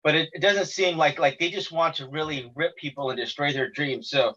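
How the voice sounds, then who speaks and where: A man's voice: a little high, fairly quick, sharp tone, husky, muffled recording. A man from the United States hosting an interview, asking long, hesitant, wordy questions. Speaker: interview host. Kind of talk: casual interview.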